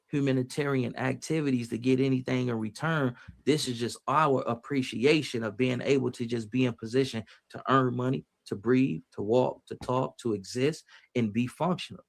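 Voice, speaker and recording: Gravelly preachy man talking to his chat. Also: mid-range voice. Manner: preachy, street slang, repeats phrases. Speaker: livestreamer reading chat. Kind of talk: casual motivational talk.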